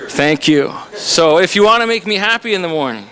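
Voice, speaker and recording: Brisk and lively, this Canadian man's high-pitched, slightly bright voice introduces a visiting author to a lecture-room audience. As a college instructor, he keeps the introduction chatty and full of jokes.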